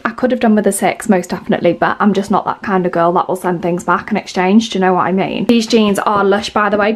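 A young woman with a British accent in her twenties, chatting casually to camera as a lifestyle vlogger, rambling and upbeat. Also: medium pitch. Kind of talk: casual vlog chat to camera.

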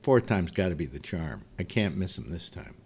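A beaten-up male hunter in a told joke, grumbling low and stubborn to himself, played by a man telling the story. His lines drop lower and quieter than the narration around them. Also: very animated, moderate pace, breathy edge, exaggerated voice. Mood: grudging.

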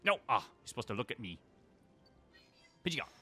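A man hosting a gaming channel, giving chatty play-along commentary, talking to the creatures on screen and breaking into excited exclamations. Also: medium pitch, normal speed, husky, faint music behind.

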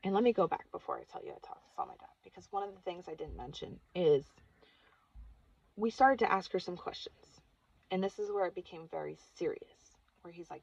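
Husky-voiced woman telling a personal story. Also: lowish voice, big pitch swings, a little fast, darkish tone, no echo, highs cut off. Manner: chatty, says "like" constantly, earnest. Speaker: vlogger.

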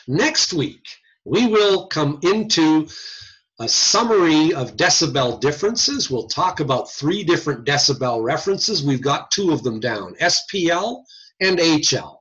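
Lively folksy man lecturing over video call. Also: a little high, a little slow, husky, highs cut off. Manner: lively, folksy teaching with slang. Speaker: audiology lecturer. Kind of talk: recorded online lecture. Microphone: computer mic on a video call.

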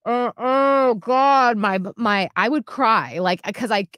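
A young woman co-hosting a radio show, talking candidly and haltingly in casual chat. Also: a little high, a bit bright, dry recording, studio quality. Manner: candid, halting, self-reflective. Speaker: radio co-host.

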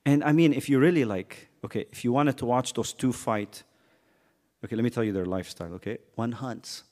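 A man's voice: medium pitch, a little fast, a little mellow. A man teaching a casual youth Bible lesson in a church hall, joking and quizzing the kids as he retells the story.

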